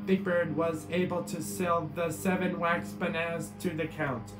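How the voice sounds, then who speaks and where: A man reading a picture book aloud in a steady way, with small slips. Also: on the high side, a little slow, few pauses. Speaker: storybook reader. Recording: echoey room with guitar music.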